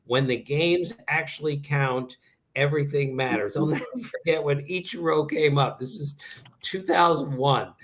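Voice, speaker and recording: A man in his sixties, from the Maryland area, appears as a guest baseball analyst and tells lively anecdotes in a casual interview. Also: fairly high pitch. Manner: animated anecdotes, quoting people.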